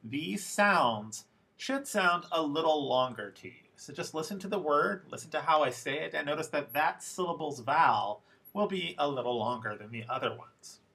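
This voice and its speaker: Man, young adult, English teacher, bright clear tone, slow careful delivery, repeats each example word. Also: fairly high pitch, lively intonation. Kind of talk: recorded lesson for a class.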